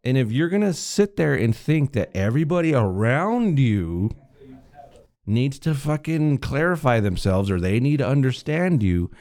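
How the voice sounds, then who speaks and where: A man's voice: mid-range voice, big pitch swings, moderate pace, a little mellow, no room sound. A man co-hosting a casual podcast, ranting and swearing freely with frequent laughter. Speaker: podcast co-host. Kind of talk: casual profane chat.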